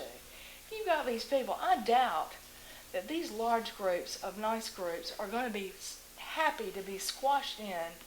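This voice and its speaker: A woman's voice: medium pitch, a little hiss or hum, low-quality recording. A woman speaking as a local resident during public comment at a town council meeting, emotional and pressing with rhetorical questions.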